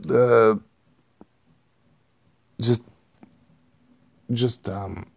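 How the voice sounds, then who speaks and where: A man's voice: medium pitch, fairly even intonation, drawn-out words, gravelly. A man giving a rambling, profane, self-amused movie review in a casual vlog. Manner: rambling, profane, laughs at himself.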